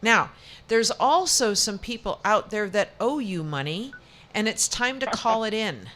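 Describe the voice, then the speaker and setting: A woman's voice: medium pitch, lively intonation, fairly bright tone. Chatty woman psychic reading tarot cards. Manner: chatty and reassuring, quick restarts. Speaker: psychic reader. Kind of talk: tarot reading on a talk show.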